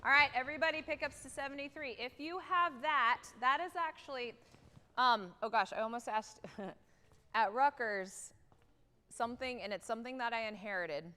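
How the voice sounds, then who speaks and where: A woman with a fairly high, bright, forward voice leads a wind band rehearsal, counting players in and singing out articulations in an upbeat, direct way. The sound carries the long reverb of a large theatre hall, as heard on a livestream. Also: moderate pace, clear, resonant tone. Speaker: guest conductor leading a band rehearsal.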